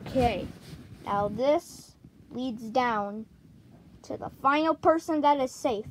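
A woman hosting a make-believe plush-toy game show in an excitable, playful way. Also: high voice, takes it slowly, low-quality recording. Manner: excitable, jumps between characters' voices. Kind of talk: playful toy role-play narration.

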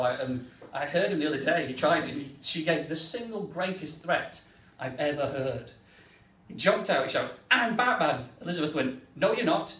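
A man's voice: high voice, a little hiss or hum. An English man performing a stand-up comedy set, acting out the people in his stories. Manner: animated, acts out the characters. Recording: echoey room, mic from far off.

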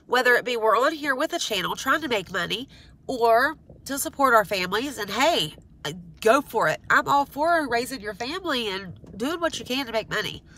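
A woman talks to her viewers in an unscripted vlog rant, frank and exasperated. Her voice is higher than most and bright, though congested from a stuffy nose. She rambles, restarts her sentences and fills the gaps with "um.". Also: animated, normal speed, slight background noise. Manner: exasperated, pleading. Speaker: vlogger. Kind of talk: casual rant to camera.

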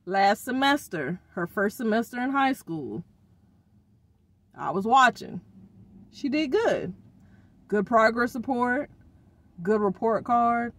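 A woman's voice: fairly high pitch, takes it slowly, pauses often. A middle-aged woman ranting casually in a vlog, venting in exasperation about her children with informal slang. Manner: expressive, uses informal slang. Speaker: vlogger.

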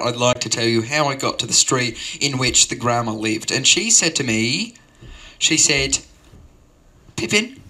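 Male comedian, open-mic storyteller, deadpan, rambling, very bright tone, mid pitch. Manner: rambling, deadpan, with many digressions. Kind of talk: absurdist stand-up storytelling.

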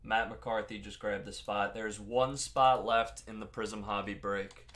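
A young man with a Long Island accent hosts a live stream as he rips card packs, chummy and casual, calling out to viewers by name. His voice is bright and forward. There is faint noise behind him. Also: lowish voice, steady tone, measured pace. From Long Island, New York. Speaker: card break host.

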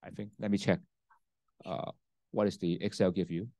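A deep, gravelly, dark-toned male voice with little pitch movement and a moderate pace belongs to a university lecturer teaching a class and demoing a spreadsheet. His first language is Cantonese; he frequently checks in with "okay?" and "right?" and restarts sentences. There's no room sound, and he uses a handheld mic that he sometimes sets down.

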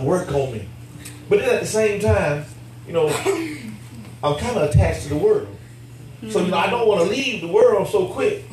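A man with a fairly high voice preaches a lively sermon, laughing as he acts out both sides of his talks with God. He sounds far from the mic, his voice ringing around a very echoey church. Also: a little hiss or hum. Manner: animated, laughing preacher acting out dialogue with God. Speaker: pastor.

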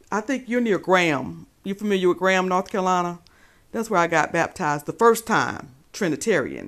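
A woman's voice: on the low side, fairly bright tone. A woman hosting a live stream, gossiping about a clip and greeting viewers by name. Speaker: livestream host. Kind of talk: casual commentary on a live stream.

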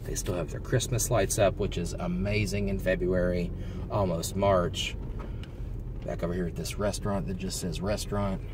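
With background noise audible, a deep-voiced man at normal speed narrates his drive through a village for a casual vlog. He reads signs out loud and sounds excited, marveling at everything.

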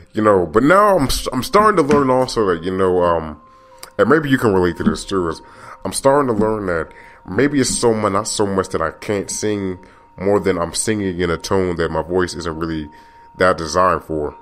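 A man's voice: low-pitched, fairly bright tone. A man hosting his own podcast, talking alone in a rambling, confiding way and often repeating and restarting his phrases. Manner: open and confiding. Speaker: podcast host. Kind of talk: casual solo podcast monologue.

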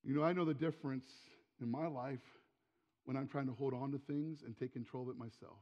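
A pastor in his forties preaching a sermon in a church sanctuary, emphatic and given to repeating words, often dropping to a quiet, intimate tone. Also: mid-range voice, fairly even intonation, fairly quick. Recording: long hall reverb, dull lo-fi sound.

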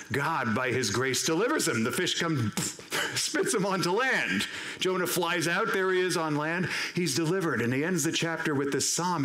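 A man preaching a sermon as pastor, animated and acting out the voices of the people he quotes. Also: a little high. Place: church sanctuary. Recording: roomy church echo.

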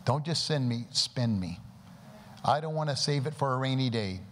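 A man's voice: medium pitch, expressive, moderate pace. Fervent preacher man in a reverberant hall. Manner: fervent, praying aloud and exhorting with rhetorical questions. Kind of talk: sermon. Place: church service before a congregation. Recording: long hall reverb with faint background noise.

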